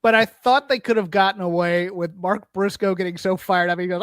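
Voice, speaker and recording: A man's voice: high-pitched, steady tone, a bit bright, smooth, no room sound. A man co-hosting a wrestling podcast, giving wry, opinionated takes in casual chat. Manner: opinionated, wry, quick to correct his co-host. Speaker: podcast co-host.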